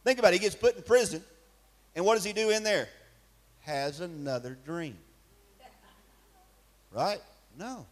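A man's voice: high-pitched, a little slow, long pauses. A man preaching a sermon in a church, emphatic and firing rhetorical questions at his congregation. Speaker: pastor.

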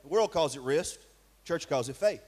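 Man, high-pitched voice, emphatic sermon delivery, rhetorical questions to the congregation. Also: expressive, normal speed, a little mellow, breathy edge. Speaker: pastor. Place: church with a responding congregation.

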